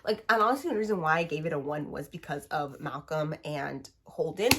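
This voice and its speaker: A woman in her twenties, still getting over a cold, ranting fast and animatedly in a casual book review. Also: deep voice, noisy background. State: recovering from a cold. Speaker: book vlogger.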